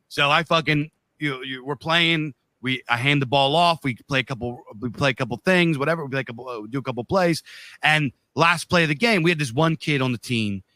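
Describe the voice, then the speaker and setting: A man's voice: mid-range voice, fairly quick, pushed and bright, no room sound. A man co-hosting a podcast, telling a long story in a loose, profane, rambling way. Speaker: podcast co-host.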